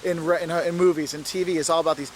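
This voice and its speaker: Enthusiastic high-voiced man presenting outdoors. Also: fairly even intonation, racing, slight background noise. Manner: enthusiastic, talks straight to camera. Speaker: travel video host. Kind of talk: travel vlog presenting. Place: outdoors in a city street.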